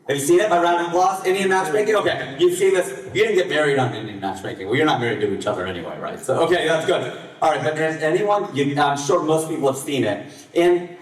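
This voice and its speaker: A man in his late forties performing a live stand-up comedy set on a festival stage, with his voice jumping up in pitch and volume on the punchlines. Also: lively intonation, quick pace. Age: 40s. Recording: echoey hall, voice from far off.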